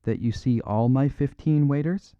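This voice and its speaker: A man's voice: mid-range voice, smooth, no room sound, dull audio, pitched above the performer's own voice, lightly acted. Man doing a stammering, panicked foreign innkeeper. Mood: shaken. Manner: halting broken English, stammering, wringing helplessness. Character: panicked foreign male restaurant proprietor, middle-aged.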